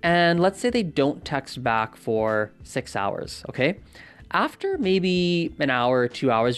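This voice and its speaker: A man talks through advice in a relaxed, unscripted way, circling back and correcting himself as he goes. His pitch sits in an ordinary middle range. Faint music plays under him. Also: normal speed. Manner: rambling, with many fillers and self-corrections; conversational, often asks "right?". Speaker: language-learning vlogger. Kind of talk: casual advice monologue.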